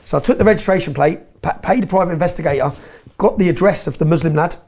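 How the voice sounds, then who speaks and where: A man's voice: on the high side, fast, vocal fry, darkish tone. A man tells his story in an interview, bluntly and with swearing, often checking in with "yeah?".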